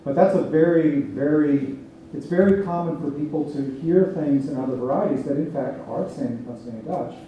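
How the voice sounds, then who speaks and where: A man lecturing in a big, echoey hall, heard from a distance with faint noise behind him. His voice is very dark and mellow. He explains with small laughs and checks in with the audience as he goes. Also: a little high, fairly quick. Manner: explanatory, laughs between points, asks the audience "right?". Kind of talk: public lecture Q&A.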